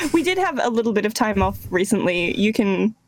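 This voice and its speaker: A woman's voice: mid-range voice, sing-song, normal speed, a little hiss or hum, rough recording. A woman co-hosting a podcast in casual chat, making wry, teasing asides. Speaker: podcast co-host.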